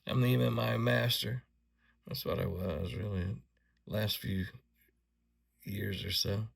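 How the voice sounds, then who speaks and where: A man's voice: lowish voice, fairly even intonation, creaky. A man ranting angrily to camera, indignant and insulting, often stumbling over restarts as he works himself up. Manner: halting restarts when agitated. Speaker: video creator. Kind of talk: angry ranting commentary.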